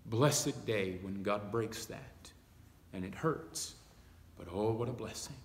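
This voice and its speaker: A man preaching a Bible study sermon, reading scripture aloud slowly and with emphasis. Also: lowish voice, reverberant, long reverb tail, slight background noise. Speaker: pastor. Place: church sanctuary.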